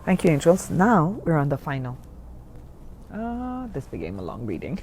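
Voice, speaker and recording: A woman's voice: deep voice, a little fast, a little hiss or hum. Chatty woman giving a spiritual reading. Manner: chatty, rambling, keeps checking in with "okay?"; shifts between hushed and excited. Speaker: spiritual card reader. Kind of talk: general intuitive reading to viewers.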